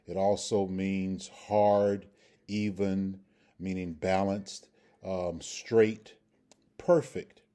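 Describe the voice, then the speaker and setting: A man's voice: sits low, dark tone. A man teaching a Hebrew grammar lesson, walking through roots and pronunciations and often checking in with "okay" and "all right". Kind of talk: screen-share grammar lesson.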